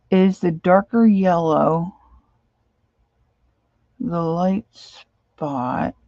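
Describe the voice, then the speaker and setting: A sleep-deprived woman talks her way through a craft project, wandering from thought to thought and humming snatches of song. Her voice is dark and gravelly, and her pace is slow and unhurried. The recording sounds dull and lo-fi. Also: fairly low pitch, no echo. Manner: rambling, sings and hums to herself while working. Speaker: crafting vlogger. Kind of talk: casual crafting chat.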